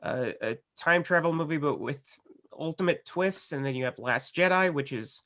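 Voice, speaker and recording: A man with a fairly high voice weighs in as a juror on a casual movie podcast. He thinks out loud, rambles and restarts, and sprinkles in "like" and "uh" as he builds his point. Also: normal speed. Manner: thoughtful and rambling, many restarts and "like" and "uh". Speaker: juror on a film debate podcast.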